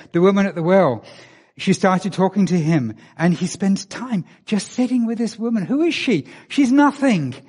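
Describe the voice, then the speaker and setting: A man's voice: sits high, a little mellow, husky. A man from England, preaching a conversational sermon and asking his listeners many rhetorical questions. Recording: long reverb of a large hall.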